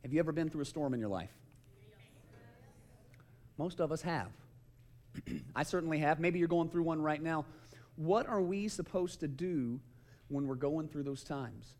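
Man, youth pastor, casual sermon, conversational, fairly high voice. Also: moderate pace, long pauses, a little mellow. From Georgia, US. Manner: conversational, keeps asking "right?".

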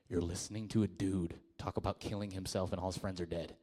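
A young man preaching a lively, jokey sermon, acting out listeners' voices and swinging between loud calls and hushed asides. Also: low-pitched, fast talker. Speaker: pastor. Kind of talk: energetic youth sermon.

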